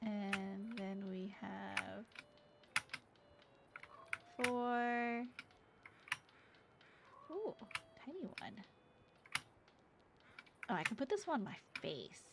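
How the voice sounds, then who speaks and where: A woman's voice: mid-range voice, expressive, very slow, gravelly, pauses often. A woman streaming a game, chatting casually and giggly while reading chat aloud. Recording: audible background noise and keyboard clicks.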